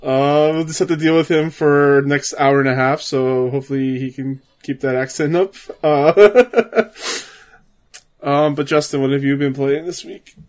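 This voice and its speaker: A man's voice: fairly high pitch, fairly even intonation, measured pace, darkish tone. A man hosting a gaming podcast, laid-back, introducing the show and guests. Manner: laid-back, laughs often. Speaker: podcast host. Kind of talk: casual chat, show intro.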